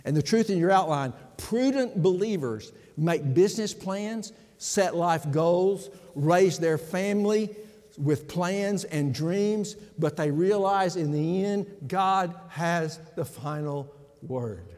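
A man's voice: sits high, takes it slowly, darkish tone. A man preaching a sermon as pastor, emphatic and speaking directly to his congregation. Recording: long hall reverb.

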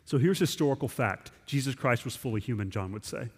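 A pastor preaches in a loose, emphatic way and often circles back to restart a thought. His voice sits at an ordinary middle pitch for a man. It carries a long reverb from the church sanctuary. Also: lively intonation, fairly quick, breathy edge. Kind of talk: sermon.

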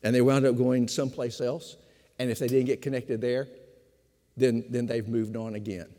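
An older man, a pastor of fifty years, preaching a sermon with emphatic repetition, slowing for stress and speeding through asides. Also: mid-range voice, flat delivery, dark tone. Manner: emphatic preaching, repeats key phrases, shifts between slow stress and quick asides. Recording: long hall reverb.

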